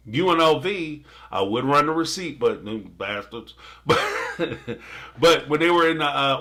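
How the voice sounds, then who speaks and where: With a somewhat high, slightly bright voice, a man hosts a casual live stream, reacting to a TV episode and reading out viewer super chats with jokes, playful asides and lots of laughter.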